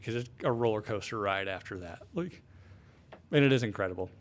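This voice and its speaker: A man's voice: on the low side, animated, a little fast. A man co-hosting a podcast, telling loose, profane stories in casual chat. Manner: loose, profane, laughing storytelling. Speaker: podcast co-host.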